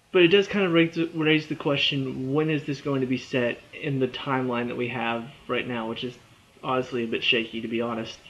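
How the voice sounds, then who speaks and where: A young man chats his way through a movie trailer review in a loose, rambling style, stopping and restarting his thoughts. He sounds a bit tired, and his voice sits at an ordinary middle pitch. The recording is dull and lo-fi. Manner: rambling and chatty, with frequent fillers, restarts and little laughs. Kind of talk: casual spoken review.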